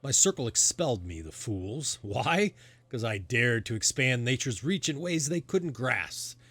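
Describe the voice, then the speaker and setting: A man's voice: medium pitch, lively intonation, measured pace, fairly bright tone, no room sound, pitched above the performer's own voice. A man voicing a proud, sinister outcast male druid who speaks in a grandiose, condescending way in a tabletop game.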